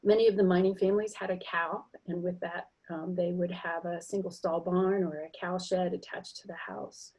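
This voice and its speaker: Middle-aged woman, mellow and slightly husky; explanatory lecturer who voices example sounds. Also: lowish voice, flat delivery, moderate pace, hardly any pauses, rough recording. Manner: explanatory, demonstrates sounds aloud, frequent fillers. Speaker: linguistics lecturer. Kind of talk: recorded library lecture with slides.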